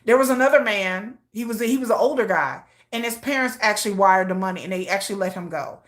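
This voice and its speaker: A woman's voice: medium pitch, fast talker. A woman vlogger retelling news in casual commentary, acting out the people in the story as she goes. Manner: animated storytelling, acting out quoted voices.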